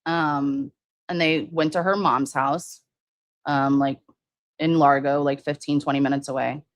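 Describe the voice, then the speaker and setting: A woman's voice: low-pitched, steady tone, unhurried, no room sound. A woman hosting a casual true-crime livestream, rambling with many fillers and restarts while answering viewers' comments. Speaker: livestream host.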